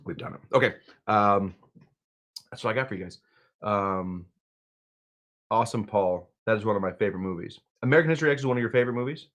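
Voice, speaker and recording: This man's fairly low, fairly bright voice moves quickly but leaves long pauses. Hosting a live cocktail stream, he rambles casually between subjects, joking around and reading out what viewers post in chat.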